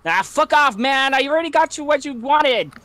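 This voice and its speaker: A man voicing a defiant younger man yelling back at his attacker in a tabletop game. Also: extremely high pitch, expressive, moderate pace, pitched above the performer's own voice, heavily acted.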